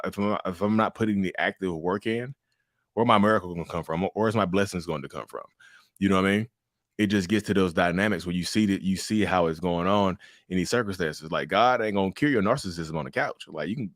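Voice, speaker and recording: A man's voice: low-pitched, no room sound, clean studio sound. A middle-aged man from North Carolina, a guest talking casually and animatedly, acting out little quotes and laughing often. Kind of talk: casual interview talk.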